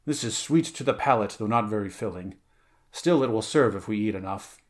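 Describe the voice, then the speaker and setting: A man reading aloud, voicing a brawny male barbarian warrior who talks bluntly and gruffly. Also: fairly low pitch, animated, brisk, lightly acted. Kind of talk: audiobook character reading.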